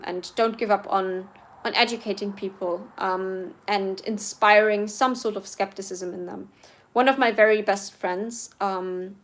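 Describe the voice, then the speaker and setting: Chatty young woman livestreaming. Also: mid-range voice. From Germany. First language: German. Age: 20s. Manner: chatty and earnest, many fillers and restarts. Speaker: livestream host. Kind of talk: live Q&A reading viewer comments.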